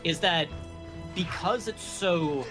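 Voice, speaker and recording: A young American man chats easily over a game, pausing on "uh" and "you know" as he gathers his thoughts. His voice runs a bit high for a man, and clear music plays behind him. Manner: relaxed, hesitant with many fillers. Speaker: guest gamer. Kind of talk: casual chat while playing.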